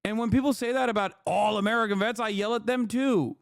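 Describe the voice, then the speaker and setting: A man's voice: sits high, fairly quick, vocal fry, hardly any pauses, no echo, clean studio sound. A man hosting a livestream, lecturing his chat in an exasperated, profane rant. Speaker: livestream host.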